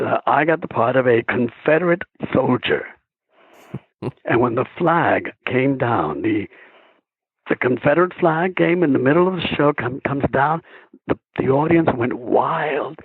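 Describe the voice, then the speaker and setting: A man, a stage and screen actor, telling stories as a guest in a phone interview, chuckling often and animated. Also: medium pitch, a little slow, slightly rough, no room sound. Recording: tinny phone line.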